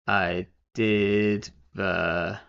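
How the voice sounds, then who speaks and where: Speaking extremely slowly in a fairly low, steady voice that is creaky, smooth, and a bit bright, a young man streams a card game live. He thinks aloud in casual, rambling commentary with many fillers and self-corrections, and the stream audio is dull and lo-fi.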